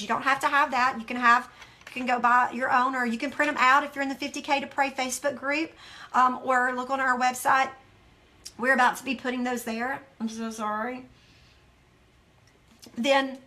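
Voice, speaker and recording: A woman's voice: sits high, sharp tone. A woman hosting a devotional study, speaking earnestly and emphatically to viewers and reading scripture aloud.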